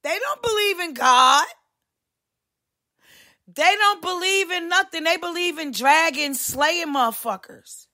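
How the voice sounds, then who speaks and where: A woman hosting a podcast, delivering a heated, profane ranting monologue with big swings in pitch. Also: lively intonation, unhurried, bright, forceful tone. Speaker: podcast host.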